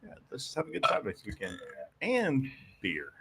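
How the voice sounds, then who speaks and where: A man co-hosting a casual podcast with friends, easygoing and quick to laugh. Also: medium pitch, huge pitch swings, creaky, a bit bright, slightly rough. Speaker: podcast co-host. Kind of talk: casual chat.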